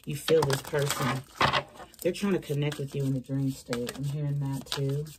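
A woman's voice: rumbling low, steady tone, moderate pace, heavy background noise. A woman giving a casual, chatty tarot reading from her small bedroom, talking straight to her viewers in slangy terms. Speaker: tarot reader.

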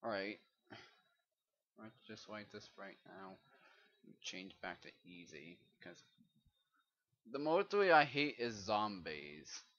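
A man giving casual gameplay commentary who swears often and breaks into loud, frustrated outbursts. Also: on the low side, big pitch swings, slow pace, long pauses. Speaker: Let's Play gamer. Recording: dull lo-fi recording.

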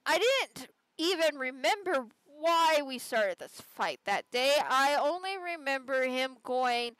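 A woman reads an online story aloud for a podcast, chatting through it and adding her own asides. Her voice sits high and she takes her time with each line. The sound is close and dry, with no room around her. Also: expressive, slow pace, fairly bright tone, no room sound, rough recording. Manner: conversational storytelling with side comments. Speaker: podcast host. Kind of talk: reading a Reddit story aloud.

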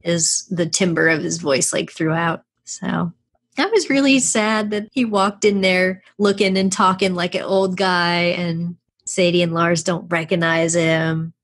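A woman's voice: on the low side, steady tone, unhurried. A woman co-hosting a podcast in casual chat, talking freely and laughing often. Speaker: podcast co-host.

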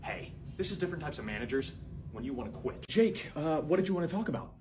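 A young man performing one-man comedy sketches, switching between sarcastic, shouting and soft-spoken characters. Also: a little high, animated, fast, slight background noise.

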